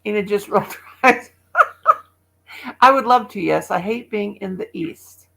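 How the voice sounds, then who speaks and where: A woman's voice: medium pitch, normal speed, creaky, a bit bright, poor audio. A chatty woman in her sixties from the Midwest, rambling casually to livestream viewers and laughing often. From American Midwest. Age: 60s. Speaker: livestream host.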